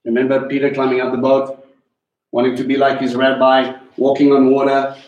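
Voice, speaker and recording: A man preaching a sermon in an animated way, swinging between loud and hushed, and speaking directly to the people in the room. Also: mid-range voice, a little fast, muffled recording. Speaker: teacher. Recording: echoey room.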